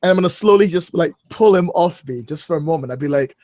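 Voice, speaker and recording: A player describes his character's actions in a soft, wistful way. His voice is high for a man and recorded close and dry. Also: fast talker, no echo, highs cut off.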